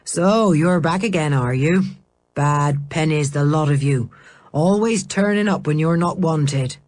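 A woman voicing a jovial, teasing older male coast guard in a storybook reading, with a slightly lower, gruff and bantering delivery. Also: a little slow, a little mellow.

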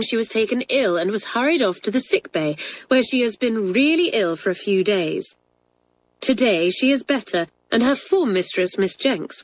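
A kindly schoolmistress, as a woman reader plays her, firm yet good-humoured with her class. She speaks in a measured, explaining teacher's tone, a grown-up voice in a read-aloud storybook. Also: medium pitch, close to an everyday voice, low-quality recording.

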